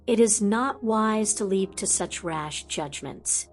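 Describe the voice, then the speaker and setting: A woman's voice: medium pitch, soft background music. Woman voicing a courteous old headmaster. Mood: stern. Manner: courteous, measured and formal. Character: wise old male headmaster, calm and stern.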